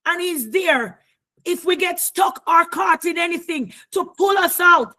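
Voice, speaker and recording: A woman preacher delivering a fervent sermon, repeating phrases and often raising her voice to a shout. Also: very high-pitched, lively intonation, measured pace.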